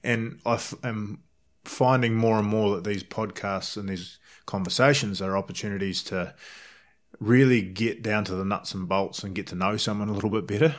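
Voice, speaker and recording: A male podcast host with a very deep, low voice. He talks in a relaxed, hesitant way, leaning on fillers as he leads the chat. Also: moderate pace. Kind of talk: casual interview chat.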